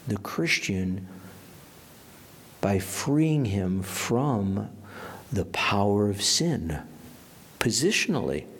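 A man preaching a sermon as pastor, emphatic, dropping to a whisper for quoted lines. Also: on the low side.

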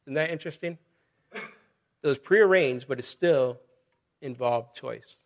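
A man's voice: medium pitch, a little slow. A middle-aged male pastor preaching a sermon in a conversational way, with asides and scripture reading.

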